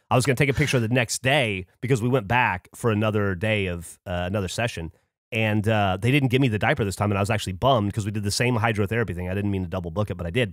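A man's voice: medium pitch, no room sound. Podcast guy telling a wild story, swears a lot, voice bouncing up and down, dry close mic. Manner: animated storytelling, swears freely. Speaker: podcast co-host. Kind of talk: casual chat.

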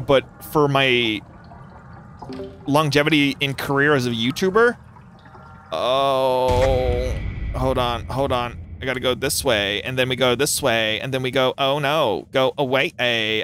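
A young man streaming a game and chatting to viewers, excitable and giggly, breaking into squeals and shouts. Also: mid-range voice, a little hiss or hum. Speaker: gaming YouTuber. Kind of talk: live gameplay commentary.

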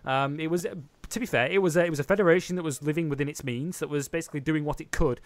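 Fast-talking man, dry close sound. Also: a little high, dry recording. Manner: fast, chatty, teasing. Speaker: podcast co-host. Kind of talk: casual motorsport chat.

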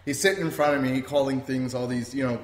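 A man's voice: mid-range voice, steady tone, fast talker, slight background noise. A man hosting a podcast, telling a story in a rambling, casual way, laughing often and swearing freely. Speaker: podcast host. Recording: roomy echo.

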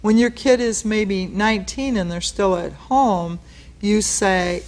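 A woman's voice: medium pitch, slow, a little mellow. A woman pastor leading a Bible study in a casual, conversational teaching style, explaining word meanings and acting out the quotes she reads. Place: studio.

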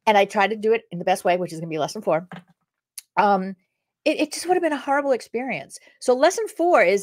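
Animated older woman telling a story. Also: mid-range voice, dry recording, clean studio sound. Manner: animated and candid, with swear words. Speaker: career coach. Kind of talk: casual live-stream storytelling. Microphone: webcam on a live stream.

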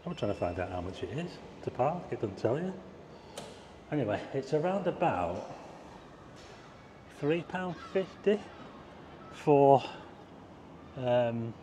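This male vlogger has a medium-pitched, darkish voice with slight background noise behind it. He gives a loose, talkative walking tour outside at night, showing his viewers sights from a car park roof and through the town's streets.

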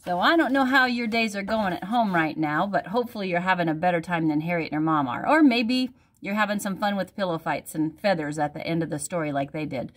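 A woman, a teacher, reading a picture book aloud at home for her class in a gentle storytelling manner. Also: fairly low pitch, animated, brisk, few pauses.

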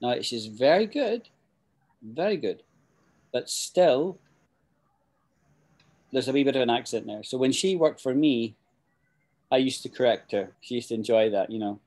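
A man's voice: medium pitch, measured pace, long pauses, a little mellow. A middle-aged man with a Scottish accent, teaching English in a chatty, rambling way with frequent restarts. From Scotland. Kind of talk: casual spoken English lesson.

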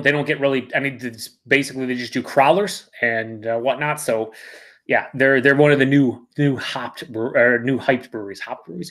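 A man's voice: medium pitch, a bit bright. A man hosting a live beer review, talking casually and reading out viewer comments, rambling and correcting himself.

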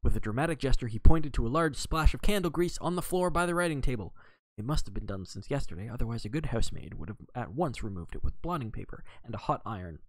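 Man reading aloud, expressive, gravelly voice, dry close sound. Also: medium pitch, fast, no echo, low-quality recording. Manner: expressive, occasional slips and self-corrections. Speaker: reader. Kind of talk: reading a novel aloud on a live stream.

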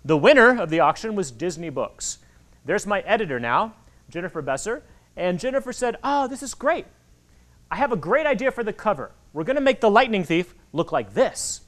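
A man in his forties giving an animated talk to children at a library, acting out the voices in his stories. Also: sits high, a little fast. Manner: animated storytelling, acts out quoted voices. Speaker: author speaking to kids. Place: public library hall. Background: audience of children.

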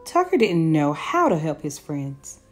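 A woman reading a children's picture book aloud as storyteller, expressive and unhurried. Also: low-pitched, soft background music.

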